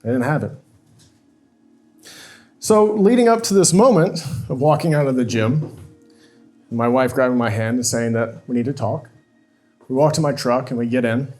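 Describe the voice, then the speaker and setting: A man speaks from a stage, telling a raw personal story in a confessional, emotional way. His pitch sits in a middle range, and he voices the remembered dialogue himself. Faint music plays underneath. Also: moderate pace, long pauses, a little mellow. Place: stage at a live talk event.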